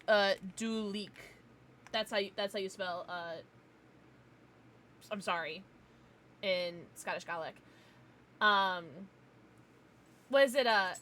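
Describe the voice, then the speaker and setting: A woman streamer chats casually with her viewers in a playful, giggly way. Her voice is bright and sits fairly high. Her delivery swoops up and down with lots of life. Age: adult, parent. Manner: giggly, playful, teasing outbursts. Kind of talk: casual livestream chat, reading chat.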